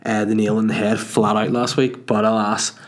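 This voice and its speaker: A man's voice: lowish voice, level tone, moderate pace. A man hosting his own podcast from his dining room, telling a profane, self-mocking, rambling story with stumbles and restarts. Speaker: podcast host and stand-up comedian. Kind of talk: casual solo podcast storytelling.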